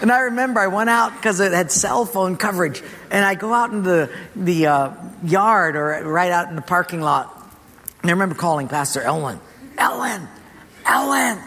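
Animated, bright-voiced preacher in a hall. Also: male voice, high voice, a little fast. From Portugal. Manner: humorous, animated storytelling with laughter. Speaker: pastor. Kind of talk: storytelling sermon.

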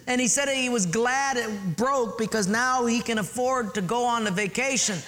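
A man voicing a wife who calmly reports bad news in a matter-of-fact, halting way. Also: very high voice, voice pushed up.

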